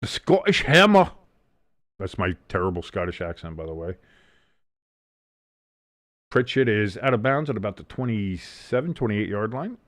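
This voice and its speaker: A man's voice: fairly low pitch, lively intonation, moderate pace, pauses often, no echo, studio quality. A man hosting a live football watch-along, calling plays and chatting casually with viewers, swearing freely. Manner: casual and profane, reads the chat. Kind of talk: live game commentary and chat.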